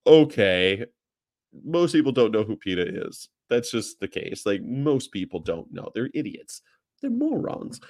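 Lively, animated man talking casually. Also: lowish voice, measured pace, no room sound, studio quality. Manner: animated, profane, mimics people in funny voices. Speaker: vegan activist vlogger. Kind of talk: casual chat. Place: Charlotte, North Carolina.

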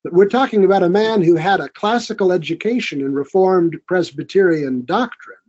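A man's voice: high voice, brisk, a little mellow, lo-fi sound. A man speaking as a guest in a studio conversation, earnest and encouraging. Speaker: podcast guest. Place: recording studio.

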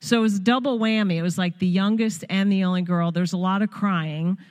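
Speaking a little fast at medium pitch, this middle-aged Long Island, New York woman preaches as a guest in a church sanctuary. Her tone is steady and darkish with a big-room sound, and her exhortation is heartfelt and conversational, sprinkled with asides.

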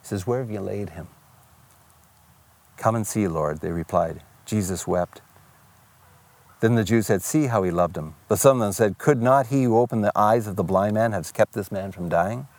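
A middle-aged man delivering a sermon, his voice sitting a little low. He preaches in an easy, conversational way, reads scripture aloud and now and then restarts a phrase. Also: normal speed, darkish tone. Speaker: pastor.

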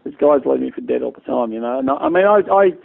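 Gravelly fast-talking Australian man. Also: mid-range voice. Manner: rambling, storytelling, many restarts. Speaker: guest. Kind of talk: casual interview chat. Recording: tinny phone-like line.

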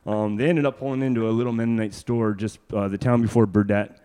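A man's voice: fairly low pitch, steady tone, quick pace, mellow, clean tone, big-room sound. A man, a hitchhiker guest telling road stories in a casual, rambling way. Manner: rambling, many fillers and restarts, laughs often. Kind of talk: casual storytelling.

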